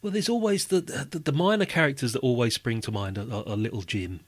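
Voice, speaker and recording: A man's voice: mid-range voice, fairly quick, dry recording. Rambling man in casual chat, dry sound. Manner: rambling, many restarts and "you know". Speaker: podcast guest.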